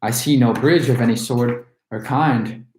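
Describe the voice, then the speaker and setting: A man's voice: mid-range voice, a little slow, a little mellow, lightly acted. Earnest young boy read out by a man, roomy echo. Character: young boy, hopeful then worried.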